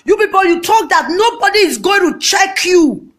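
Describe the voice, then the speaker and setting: Nigerian woman, high-pitched, hosting a dramatic scolding live-video rant. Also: lively intonation, moderate pace. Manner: loud, scolding, dramatic outbursts. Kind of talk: ranting live video monologue.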